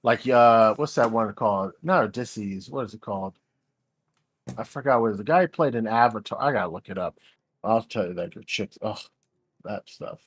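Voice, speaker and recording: A man's voice: on the low side, moderate pace, slightly rough, no room sound. A man hosting a stream, rambling in casual, crude chat and laughing easily. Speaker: stream host.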